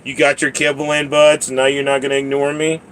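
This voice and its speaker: A man chatting on his livestream in a loose, rambling way, laughing often as he talks to his cat. His voice sits at an ordinary middle pitch, with a faint hum of background noise behind it. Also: monotone, fairly quick, fairly bright tone. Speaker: livestream host. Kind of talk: casual livestream chat.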